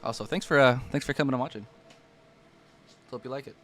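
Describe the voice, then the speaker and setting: A man's voice: mid-range voice, fairly quick, a bit bright. A man running a live-streamed tabletop game as game master, explaining things in an easygoing way with a few fillers.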